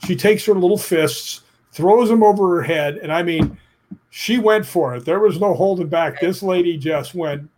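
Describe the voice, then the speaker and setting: A middle-aged man, a stunt performer, telling an animated story in a casual interview, often tagging his sentences with "right?". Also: sits high, normal speed. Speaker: stuntman and actor, guest.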